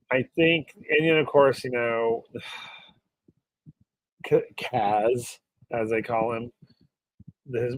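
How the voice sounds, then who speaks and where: A man co-hosts a casual live-streamed podcast and reacts to the week's wrestling with a laid-back, exasperated air. His voice sits at an ordinary pitch. The sound is dry and close, with no room around it. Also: a bit bright, dry recording, poor audio. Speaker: podcast co-host. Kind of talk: casual wrestling recap chat. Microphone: remote live-stream call mic.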